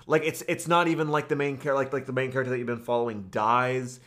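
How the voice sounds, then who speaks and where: A man's voice: mid-range voice, steady tone, fast, a bit bright. A man co-hosting a podcast, talking casually about an anime and often stammering and repeating words. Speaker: podcast co-host.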